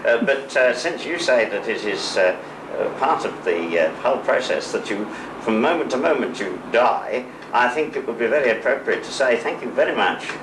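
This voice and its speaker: A man's voice: mid-range voice, animated, normal speed. An Englishman with an English accent, interviewing in a hesitant, courteous way with many fillers. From England. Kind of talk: philosophical conversation. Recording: echoey room, mic far off, background noise.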